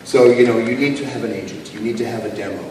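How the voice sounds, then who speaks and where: A man speaking as a guest on a convention panel, answering audience questions in an animated, joking way. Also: mid-range voice. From Canada. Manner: animated, joking, quick asides. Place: large convention hall. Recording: echoey hall from far off with ambient noise.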